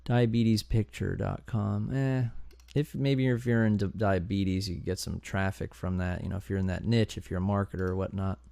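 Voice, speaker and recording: A man hosting a domain investing channel, talking through a live screen-share tutorial in an excitable, chatty way, thinking aloud as he goes. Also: sits low, normal speed, gravelly, dry recording. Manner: excitable and chatty, bursts of enthusiasm and groans.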